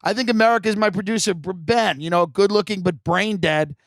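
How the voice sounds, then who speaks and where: A man hosting a comedic podcast, mocking and ranting, often slipping into loud impressions of other people. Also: high voice, quick pace, dry recording. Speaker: podcast host.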